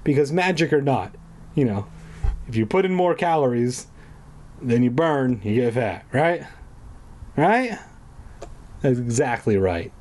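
A man's voice: mid-range voice, animated, a little slow, pauses often, darkish tone. A man giving a comedic reading of a children's book, breaking off for irreverent, swearing asides and drinking as he reads. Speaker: comedic reader.

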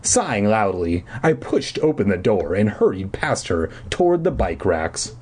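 A man reading a children's book aloud for comedy, dropping deadpan crude asides. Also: lowish voice, a little slow, slight background noise. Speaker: reader.

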